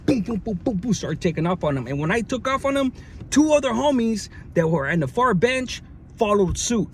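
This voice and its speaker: Telling a slangy, offhand tale about being in jail, the storyteller keeps restarting and dropping in fillers. He speaks at a moderate pace in a high, sing-song voice, and faint background noise can be heard.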